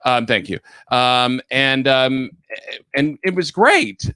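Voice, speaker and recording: A man's voice: medium pitch, expressive, slow pace, bright, forceful tone, clear, resonant tone, dry recording. A man co-hosting a casual livestream chat, chatty and rambling as he explains things. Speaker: co-host of a livestreamed talk show.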